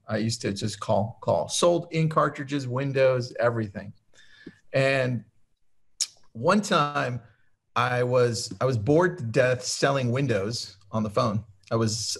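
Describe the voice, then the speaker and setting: A man's voice: mid-range voice, vocal fry. A man co-hosting a webinar in casual chat, upbeat and enthusiastic as he tells stories. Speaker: webinar co-host.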